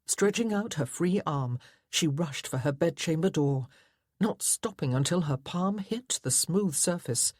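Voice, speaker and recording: A woman's voice: low-pitched, lively intonation, measured pace, a little mellow, no room sound, clean studio sound. A woman narrating a historical romance audiobook in a dramatic, tense storytelling manner. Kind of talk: scripted narration.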